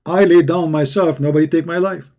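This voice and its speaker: Combative, mocking man with a mellow voice. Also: a little high, fairly even intonation, brisk. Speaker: religious debate host. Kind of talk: live online debate commentary.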